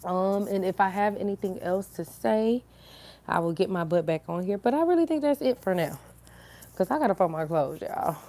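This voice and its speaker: A woman's voice: mid-range voice, lively intonation, normal speed, mellow. A sleepy woman in a casual, giggly sign-off chat to her viewers. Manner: giggly and silly, breaks into laughter. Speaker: online inspirational speaker.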